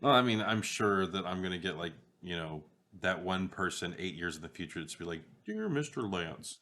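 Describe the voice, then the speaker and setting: A man co-hosting a podcast in casual chat, his voice on the lower side. He talks in a dry, wry way and now and then makes playful gun noises. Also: steady tone, a little fast, sharp tone. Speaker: podcast co-host.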